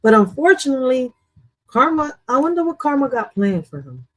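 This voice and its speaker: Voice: sits high, very animated, fairly quick, rough recording. Blunt profane true crime commentator. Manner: blunt, profane, talks straight to viewers. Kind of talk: casual reaction commentary.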